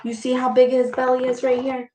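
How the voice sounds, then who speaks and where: A woman reading a storybook aloud to children, expressive and full of gasps and exclamations. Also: high-pitched, brisk, a little hiss or hum. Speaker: speech clinician reading to children. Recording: echoey room.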